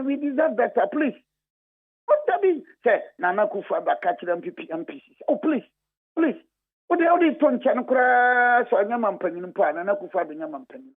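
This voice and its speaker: A Ghanaian man, a party official, speaking emphatically and repetitively as a radio guest, switching between English and Twi. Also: very high voice. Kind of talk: heated radio phone-in talk. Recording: phone-line audio.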